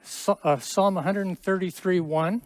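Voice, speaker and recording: A man's voice: sits high, fairly even intonation, a little slow. A middle-aged man teaching a Hebrew class in a classroom, explaining at length with friendly asides and small jokes. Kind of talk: classroom lesson.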